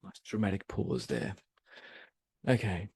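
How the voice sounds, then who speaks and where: A man's voice: low-pitched, measured pace, creaky, breathy edge, no echo. A man giving a live webinar talk, asking the audience questions and posing them as he goes. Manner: animated, asks the audience questions. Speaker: webinar presenter.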